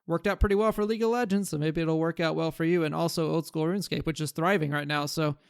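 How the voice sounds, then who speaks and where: Talking fast with vocal fry, this slightly high-voiced man keeps a steady tone while he rambles through casual commentary on changes he'd like in a game, restarting and using fillers as he thinks. The gaming content creator sounds clear and resonant on a dry, studio-quality recording.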